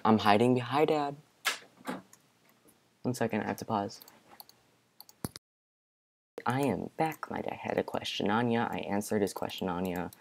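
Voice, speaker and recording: A young man giving casual let's-play commentary from his bedroom, excitable, with panicky outbursts and repeated exclamations. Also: fairly low pitch, normal speed, creaky, pauses often, a little hiss or hum. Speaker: gaming video creator. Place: home bedroom.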